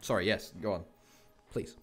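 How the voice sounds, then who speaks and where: A man chatting while gaming as a guest, a curious, teasing listener who asks quick questions. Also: fairly low pitch, fairly even intonation, fairly bright tone. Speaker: guest co-player. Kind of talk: casual chat while gaming.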